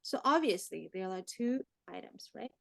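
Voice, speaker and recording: A woman teaching an online math class, lively and checking on her students with frequent questions. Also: medium pitch, normal speed, gravelly, no room sound. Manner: lively, mixes English and Chinese, asks the class questions.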